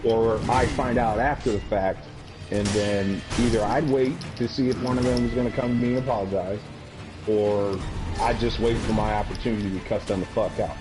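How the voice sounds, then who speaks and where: A man's voice: fairly low pitch, fairly even intonation, moderate pace, music in the background, poor audio. Blunt, profane man telling a story. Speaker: live game streamer, Army veteran. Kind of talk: casual storytelling on a live stream.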